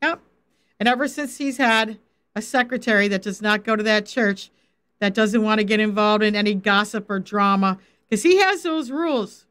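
In a mid-range voice that is clear, resonant and fairly bright, a middle-aged faith coach gives a Bible teaching on a livestream at a moderate pace. She addresses viewers in the chat firmly and directly.

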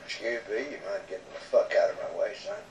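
An actor playing a crude, bullying sheriff with a gruff Texas drawl, heard from a movie soundtrack. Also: male voice, on the low side, expressive, fast talker, lo-fi sound, very noisy, close to an everyday voice. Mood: curt. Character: crude bullying middle-aged male sheriff. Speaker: small-town sheriff. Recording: movie soundtrack with loud background.

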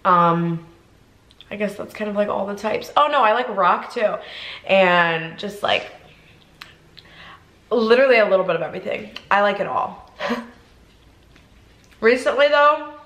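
A woman's voice: mid-range voice, lively intonation, slow pace, pauses often, pushed and bright, echoey room, poor audio. A young woman from Ohio chatting casually through a mukbang vlog, rambling with lots of fillers. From Ohio, USA. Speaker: vlogger. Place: inside a car.

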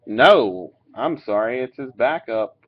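This card breaker speaks slowly in an expressive, mid-range voice, reading out every card from the packs he opens. He's relaxed, dropping the odd swear word and laughing, all captured on a dull, lo-fi webcam mic.

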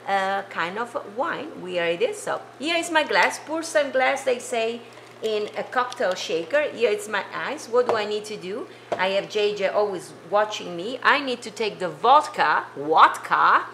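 A woman's voice: mid-range voice, a bit bright, slight background noise. A woman from Italy, hosting a casual live cooking stream from her home kitchen, chatty and rambling as she talks to viewers. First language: Italian.

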